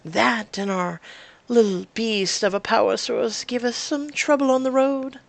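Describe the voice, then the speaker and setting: Scheming woman inventor in a story game, fawning, sing-song, high, woman reading. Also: fairly even intonation, unhurried, gravelly, no echo.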